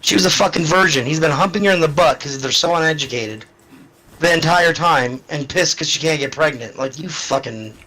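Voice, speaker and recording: A man's voice: a little high, fairly quick, pushed and bright, poor audio. A man telling blunt, profane stories in a casual chat. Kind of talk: casual storytelling.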